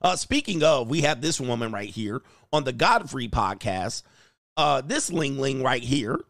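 A man's voice: mid-range voice, very animated, measured pace, fairly bright tone, no room sound, studio quality. A man hosting a reaction commentary show, talking in a crude, joking, mocking way.

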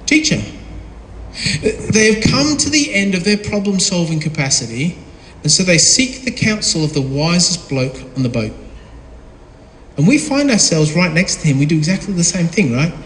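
A man with a high voice preaches a sermon, firing questions at his listeners and slipping into other voices. He is heard in a big room with a long, ringing echo. Faint ambient noise sits underneath. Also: sing-song, moderate pace, fairly bright tone. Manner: asks the audience questions and acts out voices in quotes. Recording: echoey hall with long reverb, faint ambience.

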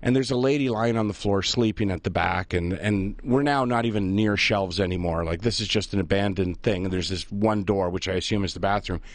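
A man's voice: low-pitched, fairly quick, hardly any pauses, no room sound. Middle-aged man spinning a yarn. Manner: animated, self-mocking storyteller who laughs at his own tale. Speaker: radio show host. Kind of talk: casual on-air storytelling.

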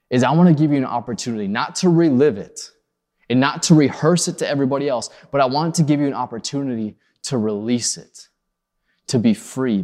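A man preaching a sermon in an earnest, pleading way, rising in urgency and then sinking soft and low. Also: in a large hall. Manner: earnest, pleading, rises high on acted quotes then drops soft. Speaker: pastor.

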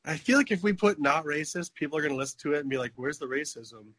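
A man's voice: on the high side, very fast, a bit bright, dry recording. A man in his thirties co-hosting a podcast in casual chat, joking and slipping into silly voices. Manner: jokey, slips into silly voices. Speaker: podcast co-host.

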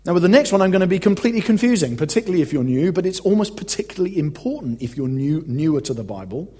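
A man's voice: high-pitched, very animated, racing, warm tone, husky. A man preaching a conversational, emphatic teaching sermon as a pastor. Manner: conversational, emphatic, reads quotes aloud.

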